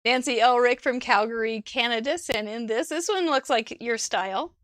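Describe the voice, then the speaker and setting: A woman's voice: on the high side, moderate pace, a bit bright. A woman with a Midwestern American accent hosting a live crafting show, chatting casually, giggling and thinking aloud. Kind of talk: casual live-stream chat.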